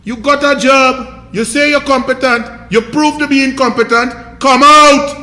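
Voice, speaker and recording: A man's voice: very high-pitched, steady tone, measured pace, hardly any pauses, sharp tone. Trinidadian guy ranting, sneering and emphatic, echoey room. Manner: mocking, scornful, emphatic. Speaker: political commentator. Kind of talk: ranting political commentary.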